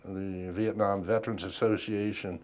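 An older man, a veteran, recounting his life in an oral history interview, unhurried and reflective with frequent pauses. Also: low voice, flat delivery, darkish tone.

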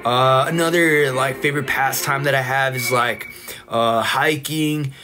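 A man's voice: medium pitch, fairly even intonation, measured pace, over music, close to an everyday voice. A man playing a laid-back young male surfer bro, drawling with a Californian accent and filling every line with "bro" and "dude.". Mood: chill.

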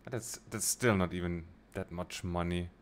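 Deep-voiced man muttering through a game. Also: fairly even intonation, moderate pace, a little hiss or hum. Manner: muttering to himself while planning, with short restarts. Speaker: game streamer. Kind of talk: casual let's-play commentary.

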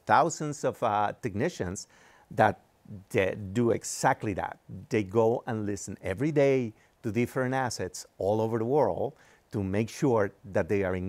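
Patient, measured man explaining technical topics. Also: lowish voice, a little mellow. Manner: patient explaining, frequent fillers. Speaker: engineering executive guest. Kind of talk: explaining in an interview.

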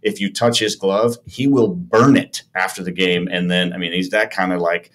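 A middle-aged man with a very low voice tells stories in a relaxed podcast interview. He acts out the other people in his stories and jumps between narration and dialogue. He is from the Chicago area. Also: moderate pace. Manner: animated storyteller acting out quoted dialogue. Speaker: podcast guest, former baseball player. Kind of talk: casual storytelling in a podcast interview.

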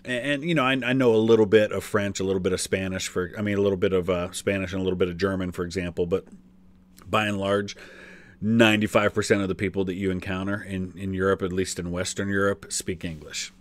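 A man with a fairly low voice talks loosely through a reaction video, explaining as he goes. He stops and restarts often and fills pauses with little hesitations. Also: level tone. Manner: chatty, filler-heavy, explanatory. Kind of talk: casual commentary.

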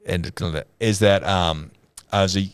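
An older Australian man with a very deep voice tells a rambling, funny story at an easy pace, and he often breaks into laughter. The sound is dry and close, with almost no room in it. He is a pastor co-hosting a casual chat show. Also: fairly even intonation, moderate pace, smooth, dry recording.

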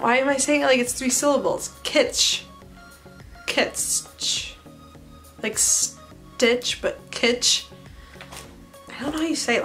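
A woman's voice: high voice, creaky, a bit bright. A woman in her twenties, a hairstylist chatting casually in a bubbly, self-mocking way for a vlog. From Central Illinois. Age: 20s.

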